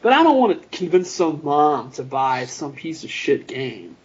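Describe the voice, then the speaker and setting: A man chatting casually as a podcast host, relaxed and easygoing. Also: fairly high pitch, normal speed, slightly rough. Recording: muffled lo-fi audio.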